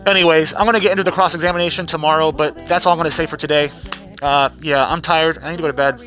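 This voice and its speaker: A man recapping a trial in a casual vlog, telling the story in a profane, animated way and acting out quotes in other voices. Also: fairly high pitch, fast, faint music behind.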